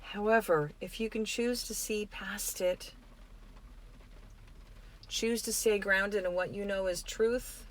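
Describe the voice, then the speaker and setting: Middle-aged lady host doing a soft earnest spiritual pep talk, reflective, medium pitch. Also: takes it slowly, pauses often. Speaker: podcast host. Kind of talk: spiritual self-help talk.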